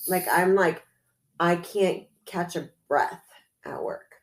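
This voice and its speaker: A woman's voice: lowish voice, animated, takes it slowly. A woman co-hosting a casual podcast, chatty and full of "like" and "um" fillers. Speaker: podcast co-host. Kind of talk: casual chat.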